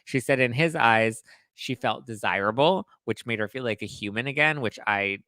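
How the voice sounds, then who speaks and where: Gossipy man host, bright tone, dry close sound. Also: medium pitch, moderate pace, no echo. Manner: gossipy, dramatic, animated. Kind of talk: casual book recap chat.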